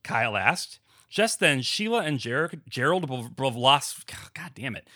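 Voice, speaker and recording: A young adult man reading a fan story aloud in a deadpan way, sometimes stumbling over names, then chatting casually as a podcast co-host. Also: mid-range voice, unhurried, no room sound, studio quality. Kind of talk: casual comedic reading and chat.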